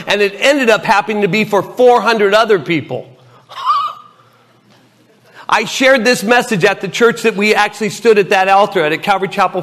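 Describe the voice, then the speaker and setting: A middle-aged man giving a lively personal testimony at a church gathering, acting out dialogue as he tells his story. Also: high voice. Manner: lively storyteller who acts out the dialogue and laughs often. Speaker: lay minister sharing his testimony.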